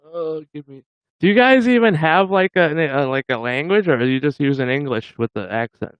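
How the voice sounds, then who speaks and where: A man's voice: on the high side, lively intonation, normal speed, no echo, highs cut off. A man hosting a casual livestream, joking with viewers and laughing often. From Massachusetts. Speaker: livestream host.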